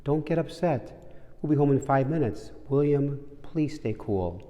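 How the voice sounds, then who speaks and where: A man playing a calm, patient elderly grandfather who speaks in a very controlled, easy voice, in a story told during a sermon. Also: mid-range voice, unhurried, long reverb tail, pitched above the performer's own voice, close to an everyday voice.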